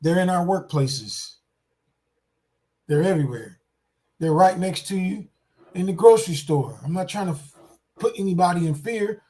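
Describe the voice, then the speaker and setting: A man's voice: high-pitched, animated, normal speed, pauses often, dark tone. A man giving casual reaction commentary on a clip, indignant and repetitive, talking straight to his viewers.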